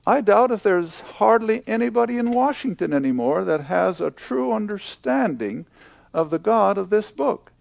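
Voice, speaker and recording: An older man teaching a Bible lesson to a class, slow and emphatic, repeating key points. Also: high-pitched, expressive, vocal fry, a little mellow, no echo.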